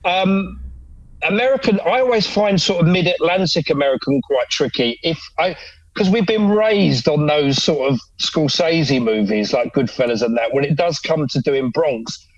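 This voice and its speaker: A middle-aged man talks casually as a podcast guest, slightly high in pitch. He is self-deprecating and often laughs. The sound is muffled and dry. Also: lively intonation, moderate pace, no room sound. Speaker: actor guest. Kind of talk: casual chat.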